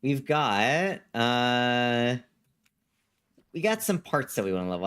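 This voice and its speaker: A man's voice: mid-range voice, sing-song, slow pace, pauses often, a bit bright, smooth. A man streaming a video game live, chatting casually with viewers in a rambling way and often repeating himself. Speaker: gaming livestreamer. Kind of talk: casual live-stream chat reading chat messages.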